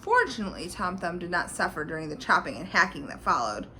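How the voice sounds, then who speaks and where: Woman, storybook reading aloud, animated, bright tone, faint background noise. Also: fairly low pitch, fast talker, low-quality recording. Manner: animated, pointing out pictures as she reads.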